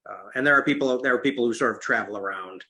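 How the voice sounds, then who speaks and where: An American man with a Midwestern-leaning accent hosts a relaxed book club discussion. He thinks aloud, pausing on ums and restarting his sentences. His voice has a bright, forward edge at a middle pitch. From New England, raised in upstate New York. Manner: hesitant, thinks aloud with many fillers. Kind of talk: casual group discussion.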